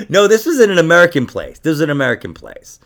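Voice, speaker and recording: A man's voice: on the high side, wildly swooping pitch, fairly quick, gravelly, fairly bright tone. A man co-hosting a comedy podcast in casual chat, laughing often and breaking into silly mock voices.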